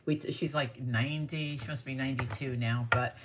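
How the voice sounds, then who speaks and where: A middle-aged woman from the New York area, a tarot reader telling stories in a casual, animated, rambling way during a live reading. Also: extremely low pitch, fairly quick, background noise. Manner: animated, rambling storyteller with asides.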